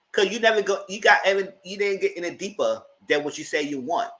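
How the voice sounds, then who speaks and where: A man with a bright, forceful voice gives a casual live review of a reality TV episode. He talks in a chatty, emphatic way, speaking straight to his audience. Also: high-pitched, animated, fairly quick, few pauses, poor audio. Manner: chatty and emphatic, addressing viewers directly. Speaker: host reviewing a reality TV show.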